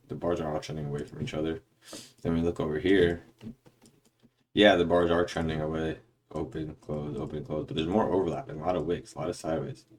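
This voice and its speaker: Early in the morning, a man with a low, darkish, slightly rough voice talks casually through a trading chart breakdown. He rambles, corrects himself, drifts onto tangents, and hiccups now and then.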